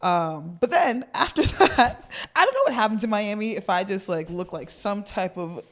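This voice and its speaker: A woman's voice: medium pitch, lively intonation, normal speed, fairly bright tone. A young woman co-hosting a podcast, telling stories in casual chat and giggling often. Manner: giggly storytelling. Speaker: podcast co-host.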